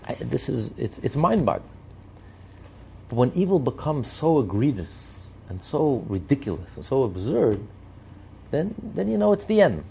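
A man's voice: medium pitch, very animated, moderate pace, vocal fry, mellow, a little hiss or hum. A man giving impassioned commentary on politics and morality, driving his points home with repeated rhetorical lists. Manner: emphatic, repetitive rhetorical lists.

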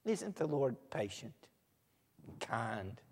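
A man preaching a sermon, swinging from soft asides to loud, emphatic lines. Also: medium pitch, sing-song, takes it slowly, husky. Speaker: pastor. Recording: echoey hall.

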